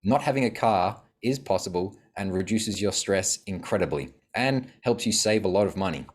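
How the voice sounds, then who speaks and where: A man's voice: fairly low pitch, animated, normal speed. A man, a podcast guest, telling reflective stories about his life in a casual conversation. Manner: reflective storytelling.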